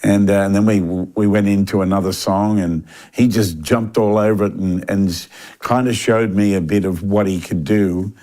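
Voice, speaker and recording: An older man with a fairly low voice recounts a story in a casual interview. He talks animatedly, stumbling and restarting as he goes, filling the gaps with "uh" and "um". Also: normal speed. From Australia. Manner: animated anecdotal delivery with frequent fillers and restarts. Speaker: interview guest.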